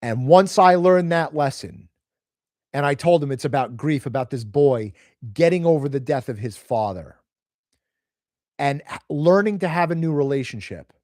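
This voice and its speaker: A man's voice: fairly high pitch, expressive, normal speed, darkish tone, no echo, studio quality. A man hosting a casual live stream from home, telling rambling stories and reading out viewer comments. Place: home, moving house.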